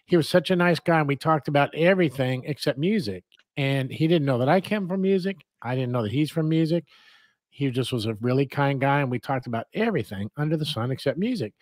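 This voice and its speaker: A man who guests on a talk show, telling a story in a casual, animated way and laughing as he goes. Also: on the high side, a little fast, no room sound, studio quality.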